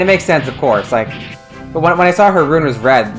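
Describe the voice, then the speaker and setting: A man's voice: medium pitch, expressive, moderate pace, over music. A man giving casual commentary while playing a video game, chatty and often restarting his sentences as he thinks aloud. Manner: chatty, self-correcting, mixes in translation remarks. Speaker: game streamer. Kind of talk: let's-play commentary.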